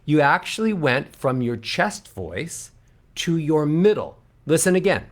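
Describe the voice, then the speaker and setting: A man's voice: very animated, measured pace. A man coaching as a vocal coach on a radio show, upbeat and encouraging. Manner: sings scales up into a very high head voice. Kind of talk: guest coaching on a radio show, singing warm-up scales.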